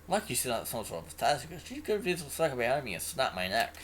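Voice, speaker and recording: A man's voice: medium pitch, fast talker, slight background noise. Man reading a visual novel aloud. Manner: animated, expressive reading. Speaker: game narrator and player. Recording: music playing underneath. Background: music.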